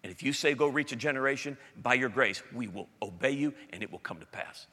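A middle-aged man, a pastor, preaching a sermon with emphatic swings between loud declarations and hushed intensity. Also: medium pitch, expressive, a little fast. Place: large church hall. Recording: long hall reverb.

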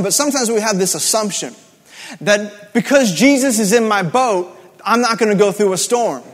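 A man's voice: high voice, long reverb tail. A man preaching a sermon in a conversational, emphatic way, repeating key words for effect. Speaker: pastor.

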